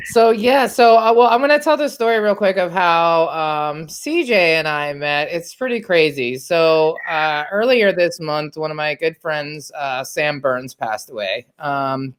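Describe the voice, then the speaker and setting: Low-voiced woman telling a story. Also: a little slow, few pauses, clear, resonant tone. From Washington, D.C. area. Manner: chatty and candid, swears freely, many fillers. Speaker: podcast host. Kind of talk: casual storytelling chat.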